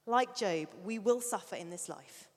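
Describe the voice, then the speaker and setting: A middle-aged woman preaching a sermon, an animated storyteller who sometimes drops to a soft near-whisper. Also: medium pitch, moderate pace. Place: church hall. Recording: long reverb of a large hall.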